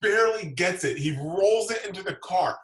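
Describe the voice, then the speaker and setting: A man's voice: high-pitched, expressive, moderate pace, far from the mic, crowd noise. Rambling, foul-mouthed man, roomy sound. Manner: rambling, profane, repeats words. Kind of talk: casual storytelling chat.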